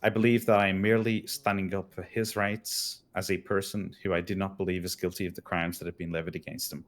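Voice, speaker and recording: A man playing a defense attorney in an online roleplay, speaking formally and smoothly in courtroom language. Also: low voice, little pitch movement, fast talker. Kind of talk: in-character roleplay.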